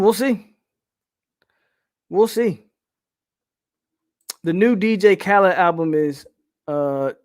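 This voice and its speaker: A man with a Southern US accent hosts a live sports podcast, riffing on the chat's questions. His voice sits high and the sound is dry and close. He talks loosely, trails off, restarts and gives blunt opinions. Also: no echo. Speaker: podcast host reading chat questions. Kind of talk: casual live-stream chat.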